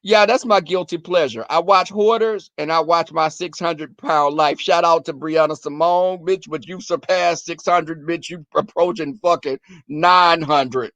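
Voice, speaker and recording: A man telling crude stories in a casual rant to his viewers, profane and animated, acting out quarrels in a shrill voice. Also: a little slow, hardly any pauses, no echo, lo-fi sound.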